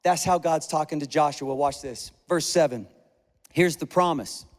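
A male pastor delivers an earnest, emphatic sermon, his voice set high for a man. He drives his points home through repetition. The sound rings out with a long hall echo. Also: normal speed. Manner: earnest, emphatic preaching with repeated phrases. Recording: echoey hall reverb.

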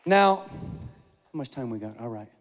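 A middle-aged man preaching a sermon, animated and conversational, with self-deprecating humor. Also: mid-range voice, a little slow, big-room sound, a faint crowd, slight background noise. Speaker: pastor.

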